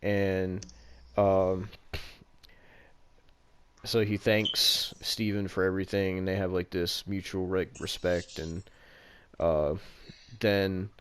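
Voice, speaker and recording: A man's voice: low-pitched, little pitch movement, takes it slowly, pauses often, fairly bright tone, slight background noise. A man in casual chat, retelling a movie plot in a rambling way, with lots of "like" fillers and casual swearing.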